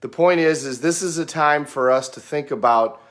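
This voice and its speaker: A man's voice: on the high side, fairly bright tone. Man telling a folksy reflective story. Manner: unhurried, folksy storytelling with fillers. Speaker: speaker sharing reflections. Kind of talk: casual reflective monologue.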